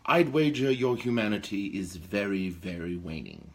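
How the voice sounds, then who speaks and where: A man's voice: low voice, lively intonation, moderate pace. A man playing a pompous, theatrical aristocratic male vampire lord who hosts a talk show, with grandiloquent speech and gossipy asides. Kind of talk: in-character role-play talk show.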